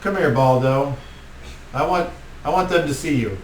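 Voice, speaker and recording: A man voicing an ancient, commanding male vampire count who speaks slowly with theatrical mockery. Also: fairly high pitch, slight background noise, natural voice. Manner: slow, mocking, theatrical. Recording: roomy, distant mic.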